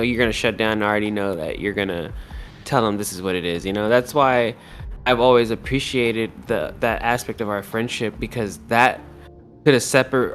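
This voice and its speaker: A man co-hosting a podcast, speaking in a relaxed, reflective way with many fillers. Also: fairly low pitch, a little hiss or hum. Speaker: podcast co-host. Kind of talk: casual chat.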